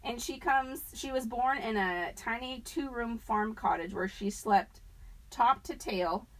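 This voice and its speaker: A woman's voice: a little high, measured pace, a bit bright, poor audio. A young woman co-hosting a podcast, chatting casually, laughing often and swearing freely. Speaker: podcast co-host. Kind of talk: casual chat.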